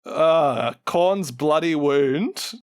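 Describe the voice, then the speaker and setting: Animated Kiwi man retelling lore. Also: a little high, very slow, no room sound, studio quality. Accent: New Zealand. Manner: animated, laughs often, acts out quotes. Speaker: podcast co-host.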